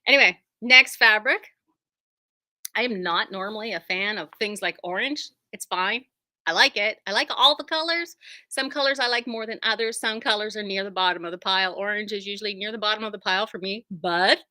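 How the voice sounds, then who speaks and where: A woman with a bright, forward voice rambles cheerfully about new fabric bolts from her quilt shop. She wanders off topic and pokes fun at herself. Her voice sounds close and dry, with almost no room sound. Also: mid-range voice, expressive, normal speed, dry recording. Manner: chatty, rambling, self-deprecating. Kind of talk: casual product showcase.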